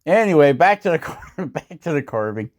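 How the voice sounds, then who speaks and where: Sing-song and on the high side, this man's voice moves at a normal speed. He narrates his woodcarving in a relaxed how-to voice-over for his channel, rambling, poking fun at himself and chuckling often.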